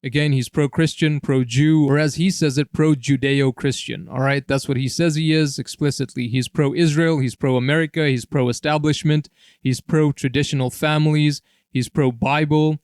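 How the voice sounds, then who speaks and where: A man's voice: mid-range voice, darkish tone, no room sound, studio quality. A man hosting a solo commentary video, explaining in long repetitive lists and often checking in with "all right?". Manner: repetitive, piles up list phrases, tags "all right?". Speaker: political commentary host.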